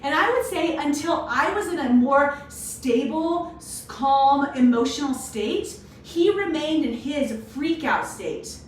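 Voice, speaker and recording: A woman's voice: high voice, slow pace, a little hiss or hum. A woman hosting a daily live video, talking casually and animatedly to her viewers. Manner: chatty, animated, addresses viewers as "you guys". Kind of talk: casual motivational talk. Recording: very echoey room, voice far from mic.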